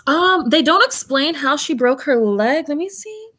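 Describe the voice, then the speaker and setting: Woman teacher, read-aloud over video call; chatty asides, bright animated voice. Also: sits high. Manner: chatty, pausing to comment and explain. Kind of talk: read-aloud storytelling to a class.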